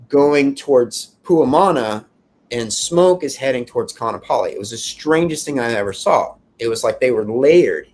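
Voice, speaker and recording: A man recounting his escape from a fire as an interview guest, in a halting, emphatic way with many fillers and restarts. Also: mid-range voice. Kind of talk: emotional first-person account.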